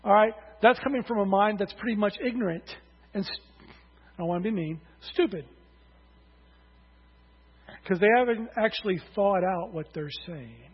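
A male pastor preaches a sermon at a normal pace with long pauses, calling out to his congregation with emphatic rising lines. His voice is high and slightly husky, and the dull, lo-fi sound is wrapped in a long hall reverb.

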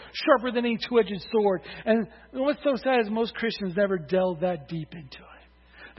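A male pastor preaches with emphatic rising calls to his congregation. His voice sits high and a little husky. The sound is dull and lo-fi, with a long hall reverb around it. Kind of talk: sermon.

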